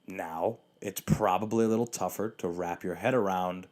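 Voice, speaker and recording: A man's voice: low voice, fairly even intonation, normal speed, darkish tone. A man hosting a solo podcast, ranting sarcastically with frequent swearing, restarts and fillers, hiccuping now and then. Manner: rambling, sarcastic, profane, with many restarts and fillers. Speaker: podcast host.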